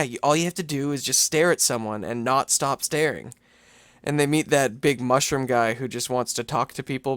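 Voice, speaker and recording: A young man co-hosting a podcast in casual chat, retelling cartoon scenes with animated energy. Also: clean tone, no room sound. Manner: animated retelling, jumps into squeaky character voices. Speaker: podcast co-host.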